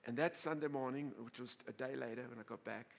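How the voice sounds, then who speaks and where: A male pastor preaching a sermon to a congregation, telling a story in an animated way, laughing and often repeating and restarting his words. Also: mid-range voice, fast, gravelly.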